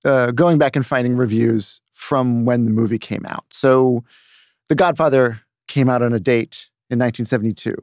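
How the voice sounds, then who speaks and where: A man with a calm, soothing voice talks through a relaxed studio podcast chat. He tells stories at an even, measured pace and sounds close and dry on the mic. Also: medium pitch, no room sound. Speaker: podcast regular, review curation manager.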